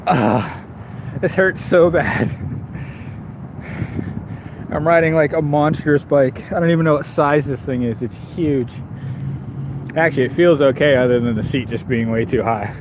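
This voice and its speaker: A man's voice: mid-range voice, normal speed. A man streaming live while riding a bike through town, rambling and self-deprecating with frequent laughs. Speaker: bike shop owner and vlogger. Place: outdoors on town streets with passing traffic. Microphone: camera on the rider, action camera. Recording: outdoor street noise from traffic. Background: traffic and street sounds.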